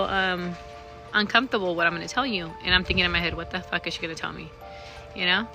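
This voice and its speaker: A woman's voice: lowish voice, quick pace, over music, poor audio. A young woman telling a personal ghost story in a casual, rambling way, swearing often and using lots of fillers. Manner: rambling, profane, full of fillers.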